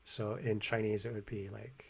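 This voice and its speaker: A man's voice: lowish voice, flat delivery, normal speed, vocal fry, background noise. A man hosting a language-learning video, a native English speaker talking casually and rambling with many restarts. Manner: rambling, lots of fillers and restarts. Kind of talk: casual commentary.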